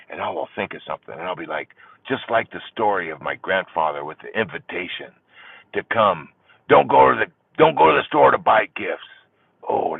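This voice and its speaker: An older man hosting a support group livestream, talking in an impassioned monologue that swings between loud exclaiming and hushed near-whispers. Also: fairly low pitch, creaky, husky, dry recording. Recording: tinny phone-like audio, dry.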